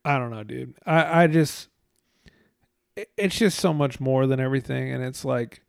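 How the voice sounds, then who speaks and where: A man's voice: mid-range voice, normal speed, gravelly, clean tone, no echo. Guy rambling on, lots of cussing and filler, tired, dry close sound. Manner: rambling, profane, frequent fillers. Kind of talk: casual rambling monologue.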